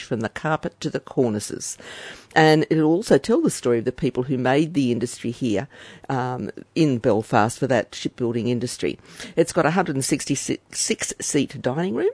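A man's voice: mid-range voice, darkish tone, no room sound. A man chatting casually as a radio travel presenter, friendly and rambling.

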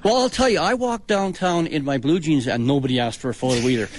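Brief: older man, slightly higher voice than most, dry joking guest, laughs at his own lines. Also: quick pace. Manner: dry, self-mocking humor, laughs at own jokes. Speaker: retired ceremonial police officer, guest. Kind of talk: casual radio interview.

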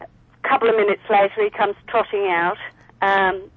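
A chatty Australian woman talking about her dogs, her voice a little husky. She rambles with fillers and restarts. The sound is thin and tinny, as if over a phone line. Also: medium pitch, fairly even intonation, moderate pace, no room sound. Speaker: dog breeder guest. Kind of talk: casual phone interview.

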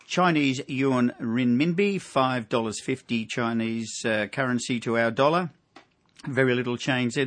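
A man's voice: mid-range voice, no echo. Rambling Australian man on radio finance. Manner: rambling, many fillers and asides. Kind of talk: casual radio finance segment.

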